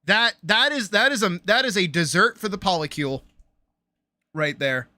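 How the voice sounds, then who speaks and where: A woman streamer chatting casually on a live stream, reacting loudly with exclamations, swearing and laughter. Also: mid-range voice, lively intonation, normal speed, dry recording. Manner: loud, exclamatory, swears freely, laughs often.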